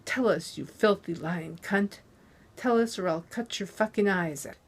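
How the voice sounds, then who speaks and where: Woman reading a vicious male thug with snarled threats, taken slowly. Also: on the low side, slightly rough. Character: brutal, foul-mouthed male thug.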